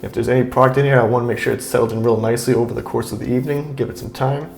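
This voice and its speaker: Man, gravelly voice, laid-back how-to vlogger, roomy echoey room. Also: medium pitch, steady tone, very fast, faint music behind. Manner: easygoing, chatty, repeats himself with fillers. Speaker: beard grooming vlogger. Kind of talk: relaxed how-to talk while trimming.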